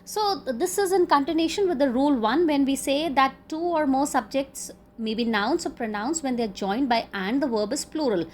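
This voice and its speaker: A woman's voice: high-pitched, lively intonation, moderate pace, few pauses, a little hiss or hum. A woman with an Indian English accent teaching a grammar lesson, patiently repeating each rule and example. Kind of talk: classroom grammar lecture.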